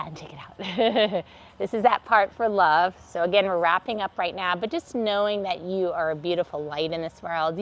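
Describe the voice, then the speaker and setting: A woman's voice: on the low side, moderate pace, a bit bright, slight background noise. A woman leading a live wellness and laughter yoga class, upbeat, encouraging and playful as she guides stretches and breathing. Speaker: wellness instructor. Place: livestream.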